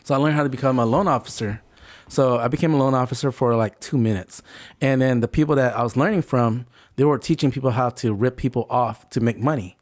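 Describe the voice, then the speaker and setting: A man's voice: medium pitch, quick pace. A man in his forties, telling a story in a casual interview and acting out other people's lines. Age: 40s. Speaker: podcast guest.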